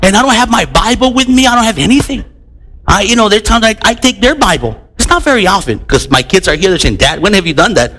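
A high-voiced, middle-aged man leads a Bible class in an animated storytelling way. His pitch swings widely as he acts out the people in his stories. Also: fast, rough recording. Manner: animated storytelling, acting out dialogues. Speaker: Bible teacher. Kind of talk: lively Bible class teaching.

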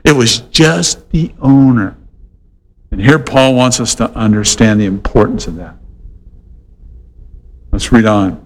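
A man preaching a sermon, animated and conversational, with playful voiced asides. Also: mid-range voice, slow pace, pauses often, big-room sound. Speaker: pastor.

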